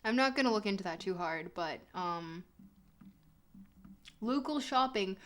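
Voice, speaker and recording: A woman's voice: medium pitch, animated, a little slow, pauses often. A woman streaming a geography game, reading chat aloud and reacting with laughter and mock outrage. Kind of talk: casual game stream commentary.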